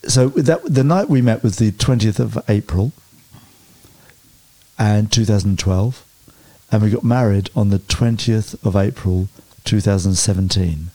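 A man telling lively personal stories as an interview guest, often stumbling and restarting mid-sentence. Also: on the low side, unhurried. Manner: animated anecdotes with hesitant restarts. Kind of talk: storytelling interview chat.

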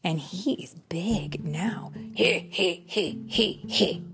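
A young woman reading a picture book aloud to a child, slow and expressive with gentle exclamations. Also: on the low side, over music. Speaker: storybook reader.

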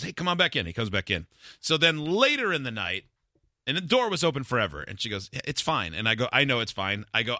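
A man's voice: mid-range voice, dry recording, studio quality. A man hosting a radio call-in show, telling stories in a casual chat and acting out quotes in a raised voice. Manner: animated storytelling, acts out quotes in a raised voice.

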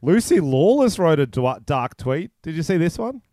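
A man's voice: on the high side, very animated, moderate pace, warm tone, no room sound. A man co-hosting a comedy podcast over a video call, crude and playful, trading jokes and trash talk. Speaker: podcast co-host. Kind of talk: casual comedy chat.

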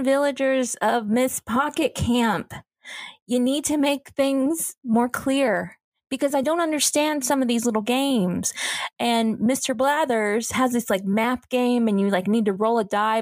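Woman on a gaming podcast going off on a rant, kinda high voice, dry close sound. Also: dry recording. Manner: animated, ranting complaints. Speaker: podcast co-host. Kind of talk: casual gaming chat.

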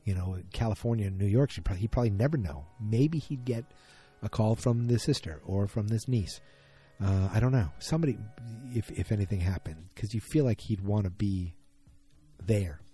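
Man, casual rambling TV recapper, low and very mellow voice. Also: brisk, husky, faint music behind. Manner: rambling, thinks aloud, often restarts mid-sentence. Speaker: TV episode recapper.

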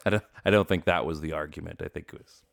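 A man co-hosting a casual sports talk show, animated and jokey, laughing often. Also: low-pitched, a little fast, creaky. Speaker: podcast co-host.

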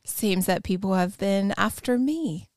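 A woman plays her character in a tabletop game, asking questions with a playful, teasing edge. Her voice sits in a middle pitch. The recording is dry. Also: measured pace, darkish tone, no room sound. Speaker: player.

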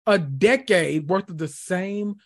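A woman's voice: on the low side, slow, no echo, studio quality. A woman co-hosting a podcast in casual chat, blunt and dismissive. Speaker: podcast co-host.

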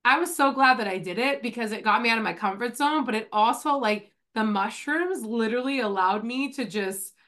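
A woman hosting a podcast in relaxed conversation, her bright voice sitting fairly high. She talks in a chatty, meandering way, leaning on "like" and other fillers. She is coming down with a cold. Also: a little fast, hardly any pauses. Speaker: podcast host. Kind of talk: casual chat.

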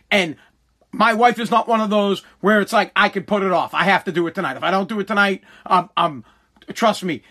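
Bright and forceful, his voice sitting high, a middle-aged podcast host rambles through an exasperated rant. He swears frequently in this casual venting monologue.

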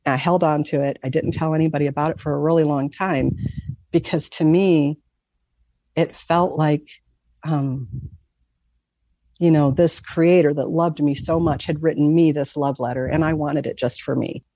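A woman candidly telling a personal story as an interview guest, earnest and often breaking into soft laughs. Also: low-pitched, steady tone, moderate pace, dry recording. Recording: dull lo-fi recording.

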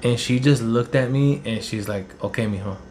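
A man's voice: medium pitch, normal speed, a little mellow, slight background noise. A man, telling a personal story in a rambling, heated, profane way. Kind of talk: casual storytelling.

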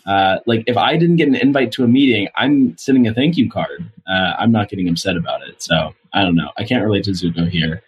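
Husky young man chatting casually. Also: on the low side, fairly quick, hardly any pauses, highs cut off. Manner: rambling, filler-heavy, self-deprecating. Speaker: podcast co-host. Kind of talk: casual rewatch chat.

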